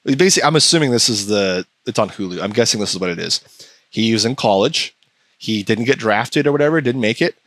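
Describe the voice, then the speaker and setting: A man's voice: expressive, a little fast, a bit bright, no echo. A man hosting a podcast in casual chat, ranting sarcastically about a TV show. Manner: ranting, sarcastic, mocks voices in a high pitch. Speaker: podcast host.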